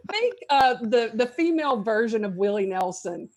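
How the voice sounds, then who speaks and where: Lively middle-aged woman telling a story. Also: fairly high pitch, takes it slowly, pauses often. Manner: lively storytelling with frequent laughs. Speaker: guest actress. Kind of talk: podcast interview chat.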